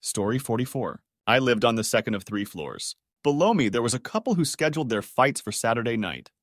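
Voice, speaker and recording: A man narrating a string of short online stories in a steady, scripted reading voice. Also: mid-range voice, a little fast, dry recording, studio quality.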